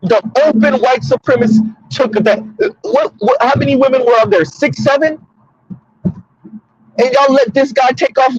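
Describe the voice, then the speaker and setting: A man's voice: very high voice, animated, measured pace, long pauses, slightly rough, dry recording, lo-fi sound. A man hosting a casual commentary monologue from his car, emphatic and repetitive, talking straight to listeners. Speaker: commentary host. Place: in a car on the road.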